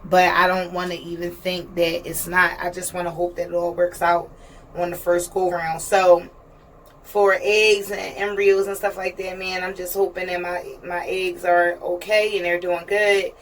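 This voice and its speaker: Low-voiced woman vlogging on a train. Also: little pitch movement, moderate pace. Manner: chatty, earnest, often asks "you know what I mean". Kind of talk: casual personal vlog. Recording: distant mic with train noise.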